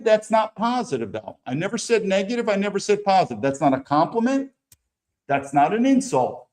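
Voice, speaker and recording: Blunt, rambling American man, fairly high voice. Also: a little mellow. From United States. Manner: blunt, opinionated, rambling with frequent restarts. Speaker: political commentary show host. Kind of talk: casual commentary over news clips.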